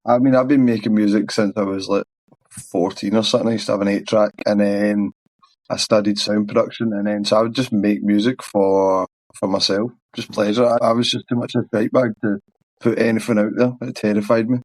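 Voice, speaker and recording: A man's voice: lowish voice, little pitch movement, fairly quick, a little mellow, dry recording. A man with a thick Glaswegian accent answering interview questions in a rambling, frank way, swearing casually. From Scotland. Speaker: band's singer.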